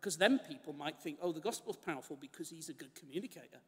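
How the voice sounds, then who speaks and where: A man teaching the Bible in an animated way, laughing often and acting out the voices he quotes. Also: a little high, fast, slightly rough. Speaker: preacher. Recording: long hall reverb.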